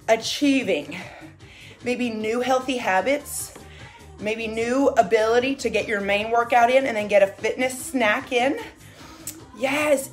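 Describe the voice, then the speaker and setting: High-voiced, whooping female fitness coach. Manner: enthusiastic, whooping motivational cheerleading. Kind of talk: live workout coaching.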